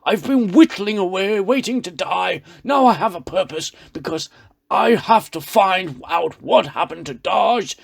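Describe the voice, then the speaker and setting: A man's voice: sits high, lively intonation, measured pace, creaky, voice pushed up, full character voice. A man mock-imitating an old starship captain in an overwrought, theatrical way. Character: dramatic old starship captain vowing a mission.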